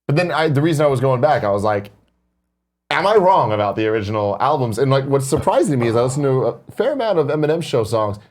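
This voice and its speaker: A man's voice: medium pitch, very animated, fast, darkish tone. Chatty, casually swearing male co-host. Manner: chatty, swears casually, quotes lyrics in put-on voices. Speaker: podcast co-host. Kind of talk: casual chat.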